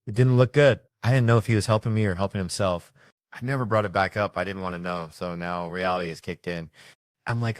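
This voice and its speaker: A man doing a loud, animated, profane stand-up story rant. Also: on the low side, brisk, dry recording, clean studio sound. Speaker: comedian.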